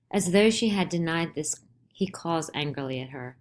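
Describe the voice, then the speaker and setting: A woman reading the stage directions of a play aloud in a plain, measured way. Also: sits low, lively intonation. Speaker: audiobook reader.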